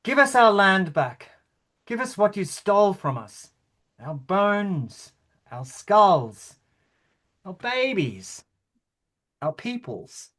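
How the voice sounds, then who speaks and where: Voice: mid-range voice, sing-song, slow, long pauses, a bit bright. A performer reading the part of a bewildered, indignant king in a play rehearsal, stammering now and then. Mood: solemn. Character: bewildered, pompous king of Australia. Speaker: actor in rehearsal.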